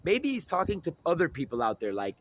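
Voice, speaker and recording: A man's voice: fairly high pitch, huge pitch swings, fast, fairly bright tone, slight background noise. A man telling a rambling personal story outdoors at night, repeating himself and searching for words.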